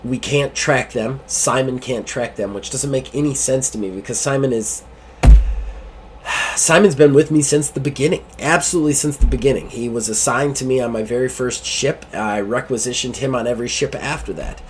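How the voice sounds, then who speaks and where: A man's voice: medium pitch, brisk, hardly any pauses, slight background noise, lightly acted. A man voicing a stern starship captain woman. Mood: weary.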